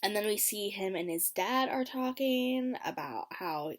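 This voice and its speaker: A woman casually recapping a TV episode for her vlog. She talks in an expressive, chatty way with frequent ums and likes, swinging between lively bursts and low muttered asides. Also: measured pace. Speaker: TV episode reaction vlogger.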